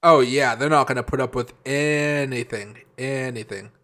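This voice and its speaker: A man's voice: medium pitch, normal speed, pushed and bright. A man hosting a casual live stream, rambling and answering viewer comments by name, with many fillers and restarts.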